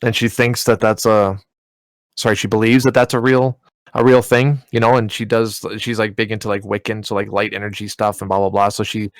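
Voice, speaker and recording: A man's voice: lowish voice, level tone, fairly quick, no room sound. A man, casually telling a long story on a podcast, rambling with lots of "like" and "you know.". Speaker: podcast co-host.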